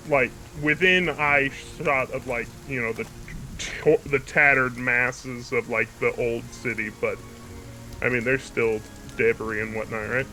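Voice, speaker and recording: Dude role-playing his character, blunt and cussing, bright forceful voice. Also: mid-range voice, slight background noise, poor audio. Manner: blunt, swearing, skeptical. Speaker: player. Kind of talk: in-character tabletop role-play.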